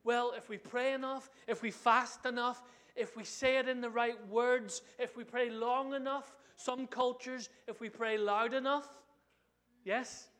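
A man preaching a sermon in an animated way, often asking the congregation questions. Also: very high-pitched, unhurried.

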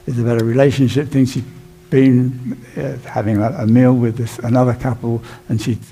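Mellow-voiced male pastor preaching. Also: medium pitch, little pitch movement, moderate pace, slight background noise. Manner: conversational storytelling with plain emphasis. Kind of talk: sermon.

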